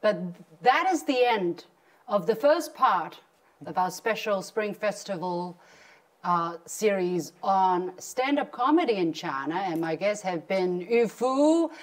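A woman hosting a talk show panel, brisk and playful as she wraps up the segment. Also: mid-range voice, animated, low-quality recording.

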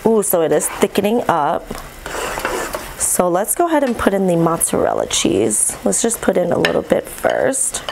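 A woman chatting casually to her viewers while she cooks, bubbly and excitable, recorded on a camera mic in a home kitchen. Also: fairly low pitch, moderate pace, creaky, noisy background. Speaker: mukbang vlogger. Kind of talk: casual vlog chat while cooking.

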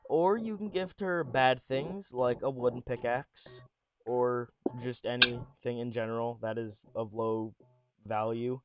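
A man's voice: mid-range voice, measured pace, lo-fi sound, over loud music. A young man giving casual, jokey commentary on a game, rambling between points with a showman's flair. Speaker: gaming commentator.

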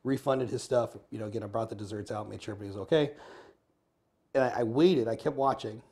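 An American man, quick and earnest, tells a story in an interview, playing out the back-and-forth of everyone in it. His voice is dark and mellow, and his pace barely lets up. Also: fairly low pitch. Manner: earnest, fast storyteller acting out dialogue. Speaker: podcast guest.

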